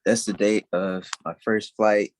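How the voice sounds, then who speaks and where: A young man, a former student on a casual video call, talks in a relaxed, halting way with lots of "yeah" and "so". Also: lowish voice, noisy background. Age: young adult.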